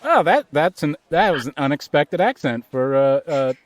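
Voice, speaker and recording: A lazy, bumbling police officer stammers through rambling excuses, his voice leaping up in pitch, as a man improvises him. He sits a little high, and the sound is close and dry. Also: sing-song, moderate pace, no room sound. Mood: flustered. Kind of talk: improv comedy.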